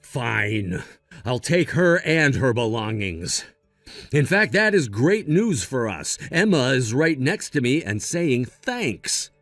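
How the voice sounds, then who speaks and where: A man's voice: mid-range voice, big pitch swings, slow pace, a bit bright, no echo, soft background music. A man narrating a text-message story in a blunt, scolding tone. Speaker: narrator voicing text chat.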